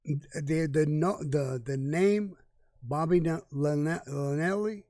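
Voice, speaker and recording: A man's voice: on the high side, slow, dark tone, dry recording, clean studio sound. An older man, answering viewer questions in a casual live chat, blunt and profane, with rambling restarts.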